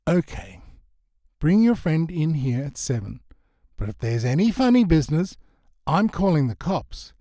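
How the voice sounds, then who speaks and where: A man's voice: on the high side, very animated, a little slow, mellow, no room sound. A man voicing a young woman shopkeeper who talks in a dry, tired, skeptical way. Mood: wry. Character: grumpy young woman who runs a shop.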